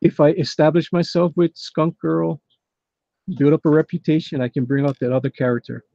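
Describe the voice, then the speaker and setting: A man's voice: on the high side, little pitch movement, normal speed, vocal fry, dark tone, no room sound, lo-fi sound. A man chatting casually on a livestream, an easygoing comic artist with chuckling asides.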